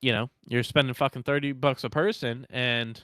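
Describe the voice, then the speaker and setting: A man's voice: medium pitch, steady tone, normal speed, sharp tone, dry recording. A young man co-hosting a podcast in casual chat, laid-back and rambling, swearing freely. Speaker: podcast co-host.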